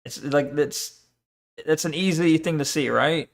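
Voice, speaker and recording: A man's voice: a little high, a little slow, gravelly. A man streaming, reacting to a video with profane, mocking rants. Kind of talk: casual reaction commentary.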